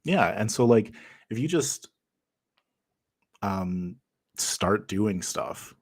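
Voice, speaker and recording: A man's voice: lowish voice, expressive, drawn-out words, slightly rough, dry recording, studio quality. A man speaking as a guest game master over a video call, upbeat and joking. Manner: upbeat and joking, laughs easily. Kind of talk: casual interview chat.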